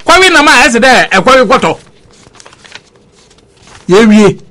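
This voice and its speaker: Ghanaian male radio pundit, emphatic and animated, high bright voice. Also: takes it slowly. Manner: emphatic, mixes English phrases into talk. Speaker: political commentator. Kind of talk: animated radio talk-show debate.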